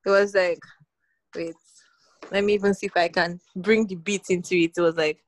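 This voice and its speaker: A young woman with a Nigerian accent hosting a casual podcast chat, playful and quick to laugh. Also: fairly low pitch, fairly even intonation, poor audio. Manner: playful, laughs often, sings along. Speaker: podcast host.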